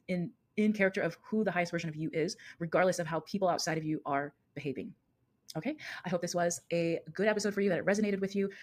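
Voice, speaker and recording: A woman in her thirties talks fast and earnestly, circling back to rephrase her points. Her voice sits a little low for a woman. She sounds like a coach hosting her own solo podcast. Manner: earnest, fast-talking, repeats and rephrases herself. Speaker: podcast host and emotional coach.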